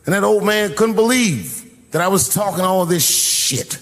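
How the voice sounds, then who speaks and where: A middle-aged man telling a profane, animated story as a stand-up comedian. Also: high voice, moderate pace. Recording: live venue with long reverb.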